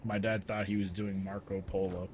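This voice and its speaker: A man with a fairly low voice tells childhood stories to his stream chat, loose and animated. He laughs often and slips into the voices of the people he quotes. A faint noise sits under his voice. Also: moderate pace. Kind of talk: casual storytelling to a live chat.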